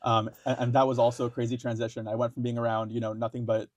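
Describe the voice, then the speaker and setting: A young man from India, a podcast guest telling his story in halting casual talk, full of fillers, restarts and swearing. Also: mid-range voice, monotone, darkish tone, dry recording.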